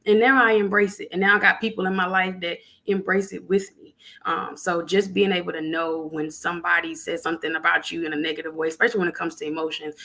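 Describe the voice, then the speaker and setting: Bright-voiced woman, open and affirming. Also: lowish voice. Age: adult with a young son. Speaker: podcast guest, therapist. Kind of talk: casual chat.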